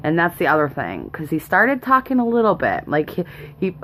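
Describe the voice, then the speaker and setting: A woman's voice: sits low, wildly swooping pitch, fairly quick, a bit bright, slight background noise. A young woman, a mother vlogging at home, rambling nervously and laughing often. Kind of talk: casual rambling chat. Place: home, indoors.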